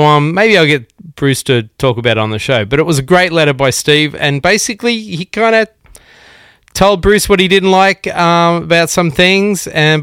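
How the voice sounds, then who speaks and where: A man's voice: a little high, a bit bright, clear, resonant tone, no room sound, clean studio sound. A man hosting a podcast in a rambling, joking, profane casual monologue. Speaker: podcast host. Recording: music bed behind the voice.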